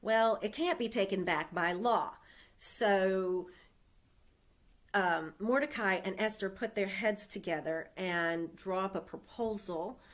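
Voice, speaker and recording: A woman delivers a sermon at an unhurried pace, retelling an old story in a relaxed, chatty way. Her voice sits at an ordinary middle pitch, and she drops in casual asides to her listeners. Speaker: speaker giving the Sunday message.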